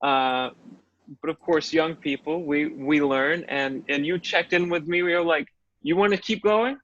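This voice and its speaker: A man's voice: fairly high pitch, fairly even intonation, measured pace, a bit bright, dry recording. A man who is an actor, telling stories in a reflective way as a guest in a casual interview. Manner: reflective storytelling. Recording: dull, dry audio.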